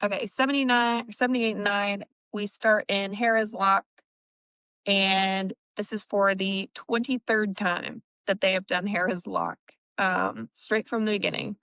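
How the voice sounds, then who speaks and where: A woman's voice: medium pitch, steady tone, unhurried, a bit bright, clean tone, no room sound, low-quality recording. A woman co-hosting a casual book discussion, recapping chapters in a chatty way with laughs and fillers. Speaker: book podcast co-host.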